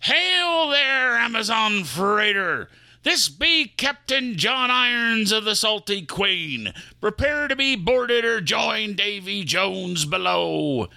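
A man voicing a boisterous pirate captain with old-time pirate speech, loud and blustering, recorded close and dry. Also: mid-range voice, big pitch swings, moderate pace, creaky, hardly any pauses, no room sound, full character voice. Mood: bellowing. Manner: old-time pirate talk with "aye" and "laddie". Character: boisterous male pirate captain driving a rideshare.

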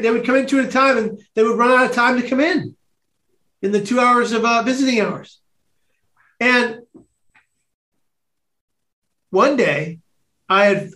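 Animated, high-voiced male storyteller. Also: reverberant. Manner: animated storyteller, laughs often. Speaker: guest. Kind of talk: storytelling in casual chat.

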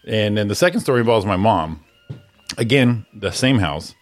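A middle-aged man co-hosting a morning show, telling stories in casual chat and shouting out the voices of people in them. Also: on the low side, moderate pace, faint music behind. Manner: animated storyteller, shouts out quoted voices.

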